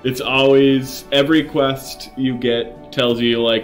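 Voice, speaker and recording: A man's voice: medium pitch, level tone, slow, few pauses, faint music behind. A man hosting a video game playthrough, chatting casually with dry, self-mocking jokes. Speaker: gameplay host. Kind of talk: casual let's-play commentary.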